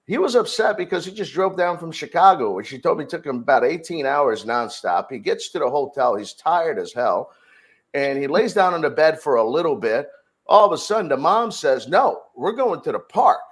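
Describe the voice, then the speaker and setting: A man's voice: a little high, moderate pace. A middle-aged man speaks as a podcast guest, telling a story from his working life. He acts out the exchanges with plenty of energy and keeps the tone conversational. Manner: animated storyteller, acts out dialogue. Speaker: podcast guest, security director.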